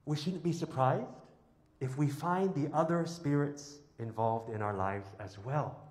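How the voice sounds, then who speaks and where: A man's voice: medium pitch, a little slow, darkish tone. Emphatic male priest in an echoey church. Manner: emphatic, with rhetorical questions and lists. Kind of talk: homily.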